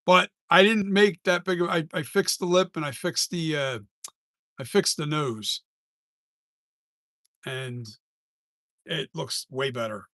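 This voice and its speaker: A man chats casually on a live stream about his mask work. He rambles, trails off and restarts his sentences. His voice sits fairly high, and the sound is dry with no room echo. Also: takes it slowly, pauses often, sharp tone.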